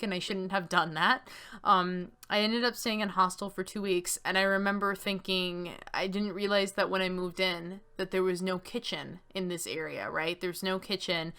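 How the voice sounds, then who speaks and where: Young woman doing a chill lets-play, chatty, laughs a lot, bright voice. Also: medium pitch, smooth. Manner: chatty, laughs easily, lots of fillers. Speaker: game streamer. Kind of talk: casual let's-play chat and reading aloud.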